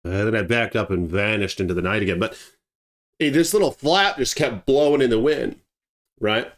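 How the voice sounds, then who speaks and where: A man telling a true story in a casual, animated way, swearing and acting out the scenes. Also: on the low side, normal speed.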